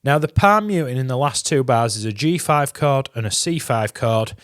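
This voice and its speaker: A man's voice: mid-range voice, lively intonation, moderate pace, fairly bright tone, no echo, clean studio sound. A man teaching a guitar lesson, chatty and encouraging, counting beats aloud as he explains. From England. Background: guitar playing.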